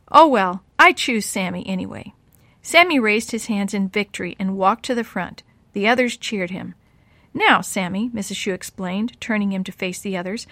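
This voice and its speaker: A woman's voice: medium pitch, no echo. Woman reading a children's story. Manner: lively, voices the children's lines brightly.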